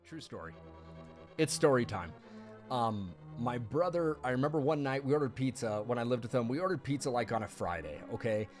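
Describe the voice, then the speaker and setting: A man's voice: mid-range voice, lively intonation, fairly quick. Man streamer, rambling storytelling, laughs a lot, faint game music behind. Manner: rambling, laughing, many fillers. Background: faint video game music.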